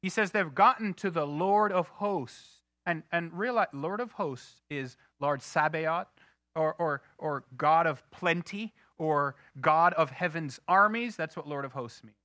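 A married man preaching a sermon, swinging from loud outbursts to hushed, slow emphasis. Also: fairly high pitch, no echo. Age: adult, married. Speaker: pastor.

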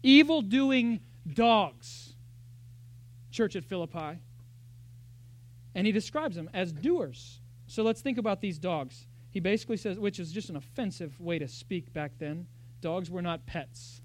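A pastor giving a sermon in a church, talking in an animated, conversational way with lots of rhetorical questions. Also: male voice, high voice, moderate pace, slight background noise.

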